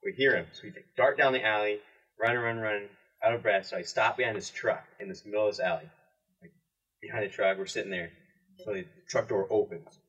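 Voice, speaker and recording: Young man, low and husky, relaxed matter-of-fact delivery, slightly off-mic. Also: fairly quick, recorded from a distance, lo-fi sound. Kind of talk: casual chat among friends.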